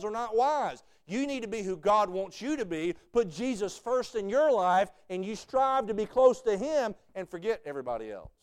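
A man preaching a folksy sermon, telling stories and rising to shouted fervor. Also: high voice, clear, resonant tone.

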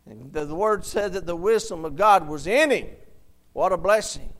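A man's voice: high-pitched, lively intonation, moderate pace, fairly bright tone. A man preaching to his church, retelling a Bible story in plain words, calling out for amens and reading old King James verses aloud. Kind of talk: sermon.

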